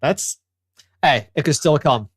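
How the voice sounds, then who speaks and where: A man's voice: on the high side, lively intonation, slow pace, slightly rough, no echo. A man from Northern Virginia hosting a casual gaming stream, chatty and self-deprecating. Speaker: streamer host. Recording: faint background music.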